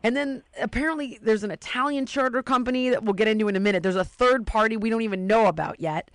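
A woman's voice: a little high, fast, no room sound. A woman in casual chat, telling a long story and acting out the voices of the people in it.

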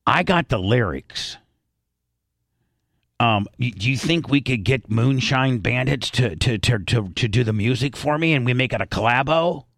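A man's voice: medium pitch, animated, moderate pace, creaky, a bit bright, dry recording. A man hosting a radio show, rambling through casual studio talk with lots of restarts and half-sung rap lyrics. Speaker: radio host.

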